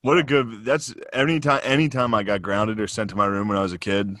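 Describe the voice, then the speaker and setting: A man's voice: lowish voice, flat delivery, fairly quick, fairly bright tone, no room sound, studio quality. A man co-hosting a podcast, teasing his friends with joking banter in casual chat. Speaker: podcast co-host.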